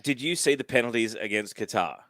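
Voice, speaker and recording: A man in a casual podcast chat, giving emphatic, animated opinions. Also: medium pitch, brisk, dry recording. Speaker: podcast co-host.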